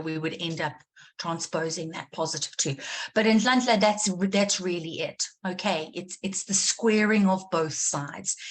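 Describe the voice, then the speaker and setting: A woman maths teacher from South Africa leading a live online revision class, quizzing her students and repeating key points for emphasis. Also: on the low side. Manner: questioning, encouraging, repeats for emphasis.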